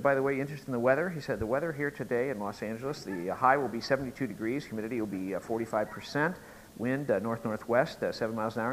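A middle-aged man preaching a sermon, telling a joke story and rising to loud, emphatic peaks. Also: medium pitch, a little hiss or hum, rough recording. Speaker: pastor.

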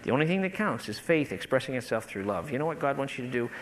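Animated male preacher with a lively, rising voice. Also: medium pitch, quick pace, slight background noise, low-quality recording. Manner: animated, rising to impassioned peaks then dropping soft. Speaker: pastor. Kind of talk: sermon.

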